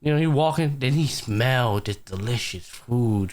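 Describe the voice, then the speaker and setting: A man with a mid-range voice speaks at a moderate pace while hosting a casual anime podcast. Animated and foul-mouthed, he walks through episodes and acts out what the characters say.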